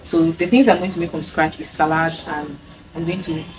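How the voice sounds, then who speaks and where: A woman from Cameroon in her thirties, chatting bubbly and fast while she cooks at home for her vlog. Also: sits low, steady tone. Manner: bubbly and chatty, often bursting into song. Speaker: cooking vlogger. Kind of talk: casual cooking chat. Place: home kitchen. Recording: distant mic with clear background noise.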